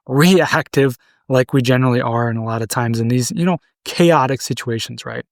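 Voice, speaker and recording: A man's voice: medium pitch, no echo, clean studio sound. A man in his thirties hosting a podcast alone, talking in a loose, conversational way, often checking in with "right?" and restarting phrases. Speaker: podcast host. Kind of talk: solo podcast monologue.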